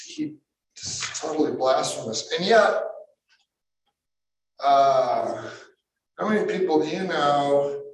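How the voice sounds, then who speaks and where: A fairly high-voiced man preaches slowly and deliberately, leaning hard on his points and now and then breaking into a shout. He is picked up from well back, so the big room rings around every phrase. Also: expressive. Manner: emphatic, rising to sudden shouts, musing asides. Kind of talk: sermon. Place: large room with a live audience. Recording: echoey hall, mic far off.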